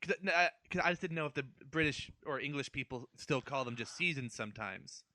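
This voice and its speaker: A man co-hosting a casual comedy podcast, teasing his partner with quick jokey quips. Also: medium pitch, expressive, bright, forceful tone, no echo. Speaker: podcast co-host.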